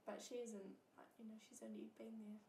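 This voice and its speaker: A woman's voice: a little high, little pitch movement, brisk, warm tone, echoey room, slight background noise. A woman in a casual interview, talking about photographing a class, with a hesitant manner and lots of fillers.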